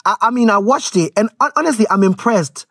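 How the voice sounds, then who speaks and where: A woman's voice: mid-range voice, lively intonation, brisk, breathy edge, no echo, studio quality. A woman with a Ghanaian accent gives frank, rambling casual commentary to her viewers, slipping Twi words into her English.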